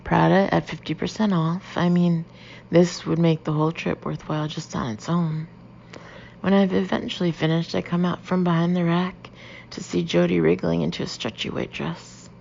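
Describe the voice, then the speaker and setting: Female audiobook narrator, low gravelly voice, lively reads, dull lo-fi sound with faint hiss. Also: moderate pace. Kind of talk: first-person audiobook narration.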